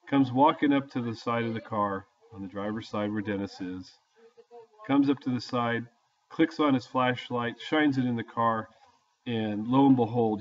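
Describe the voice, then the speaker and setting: An older man casually telling a story from his youth in a folksy, plain-spoken way. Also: mid-range voice. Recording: dull lo-fi audio.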